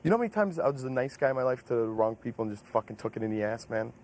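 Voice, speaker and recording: A man's voice: medium pitch, lively intonation, rapid-fire, a little mellow, slight background noise, rough recording. A young man, a reality show contestant, venting bluntly and swearing often. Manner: blunt and profane. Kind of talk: casual venting. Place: indoor house.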